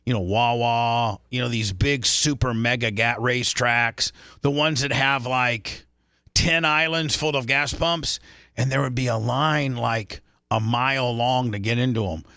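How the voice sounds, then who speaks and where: Brief: man, radio host, bright forceful voice, dry close sound, rambling storyteller. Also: mid-range voice, fairly even intonation, measured pace, clean tone, dry recording. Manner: rambling anecdote with restarts. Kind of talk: casual talk radio storytelling.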